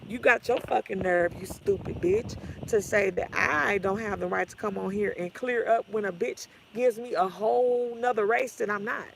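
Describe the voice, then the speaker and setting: Woman vlogger with a heavily gravelly voice delivering a profane, sassy livestream rant. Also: medium pitch, normal speed, hardly any pauses, a little hiss or hum, rough recording. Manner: blunt, sassy, trash-talking. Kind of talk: profane ranting livestream talk.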